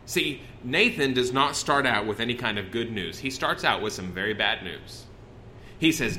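A man's voice: medium pitch, lively intonation, moderate pace, sharp tone, a little hiss or hum. A man preaching a sermon in a conversational, folksy way, often breaking off and restarting his sentences. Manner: conversational, folksy, with self-interruptions.

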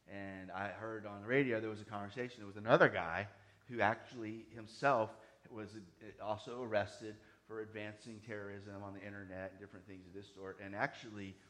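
A man preaching a sermon, emphatic, swinging between loud high stresses and quiet asides. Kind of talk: sermon teaching.

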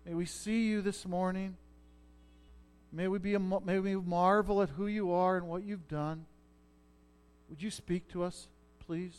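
A middle-aged man with a notably high voice preaches a sermon. He talks like he's chatting with the congregation and often stops to ask if they're following. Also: fairly even intonation, unhurried, long pauses, clean tone. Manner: conversational preaching, checks in with listeners. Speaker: pastor.

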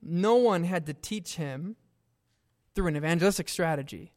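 A man preaching a sermon in an earnest, deliberate way, stressing his points with direct questions to his listeners. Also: a little high, a little mellow.

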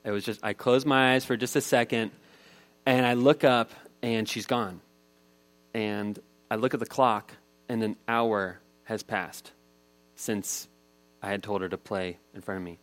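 A man's voice: fairly low pitch, fairly even intonation, measured pace. A man in his thirties preaching a sermon, telling a family story in a casual, conversational way. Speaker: pastor.

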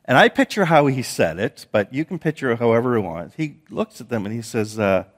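A man's voice: medium pitch, sing-song, brisk. A man preaching a sermon, telling stories with frequent repeated words and restarts. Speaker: pastor.

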